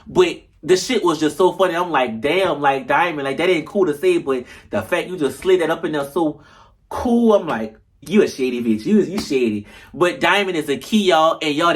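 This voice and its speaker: Animated slangy man recapping a show. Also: on the high side, slightly rough. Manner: animated, slangy and profane, addresses viewers as y'all. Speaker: show reviewer. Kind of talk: casual reality-show recap.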